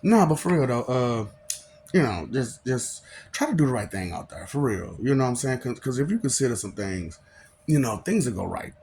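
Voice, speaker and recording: A man's voice: medium pitch, big pitch swings, a little fast, creaky, a little mellow, a little hiss or hum. A man delivering a rambling, preachy monologue to viewers, often laughing and firing off mocking rhetorical questions, sometimes stumbling over his words. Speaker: self-proclaimed god addressing viewers.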